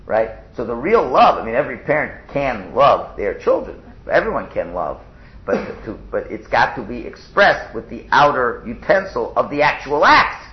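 Gravelly man teaching a text class. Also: mid-range voice. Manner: translates Hebrew phrases line by line, repeats words; uses Hebrew and Yiddish terms. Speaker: Torah teacher. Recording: echoey room, dull lo-fi sound.

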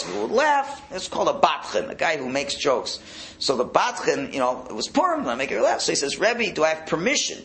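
Lively, bright-voiced rabbi giving a sermon. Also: male voice, mid-range voice, gravelly. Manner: storytelling with rising excitement and acted quotes. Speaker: rabbi giving a Torah class. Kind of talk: sermon-style Torah talk.

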